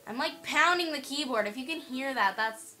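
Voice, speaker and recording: A woman's voice: sits high, animated, moderate pace, bright, forceful tone, poor audio. A woman doing let's play commentary on a horror game at her computer, playful, teasing and giggly. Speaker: gamer playing a horror game. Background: faint game music.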